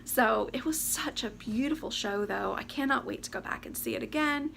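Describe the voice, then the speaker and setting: A female vlogger chats casually into her camera or phone mic, her voice very gravelly and full of fry yet fairly bright, animated, and on the high side. She talks fast and rambles emotionally, teary and close to crying, laughing through her tears. A faint hiss runs beneath her speech.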